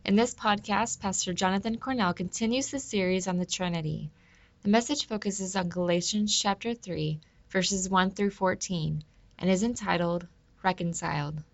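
A woman's voice: medium pitch, moderate pace, dry recording, dull audio. Woman reading a formal podcast intro. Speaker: podcast announcer. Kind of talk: scripted introduction.

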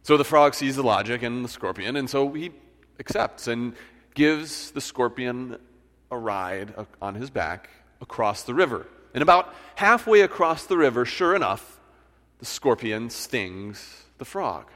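A man preaches in a relaxed, storytelling way from a church sanctuary, often doubling back on his words. His mid-range voice carries a long, hollow hall reverb. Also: medium pitch, a little slow. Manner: conversational storytelling with restarts. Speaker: pastor. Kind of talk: sermon.

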